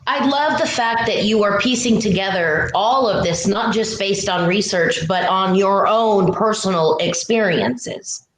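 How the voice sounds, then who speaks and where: A woman's voice: medium pitch, a little slow, hardly any pauses. A woman hosting a live telethon, enthusiastically interviewing guests. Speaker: telethon host. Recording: echoey room with faint noise.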